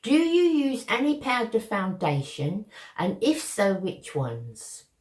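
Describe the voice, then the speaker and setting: An older beauty vlogger with a Cockney accent from the East End of London chats warmly and casually to camera. Her mid-range voice has big pitch swings and a darkish tone, she speaks slowly, and the audio is reverberant.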